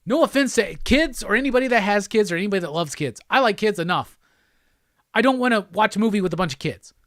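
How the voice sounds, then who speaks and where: A man's voice: high voice, lively intonation, quick pace, fairly bright tone, dry recording, clean studio sound. A man hosting his show, delivering a profane, exasperated rant with emphatic repetition. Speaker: host. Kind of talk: profane ranting monologue.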